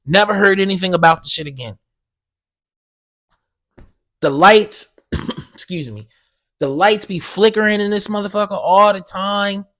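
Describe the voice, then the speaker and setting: A man's voice: high voice, unhurried, pauses often, a bit bright. A man hosting a podcast, telling a heated, profane story and acting out both sides of the conversation. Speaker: podcast host. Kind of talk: casual ranting monologue.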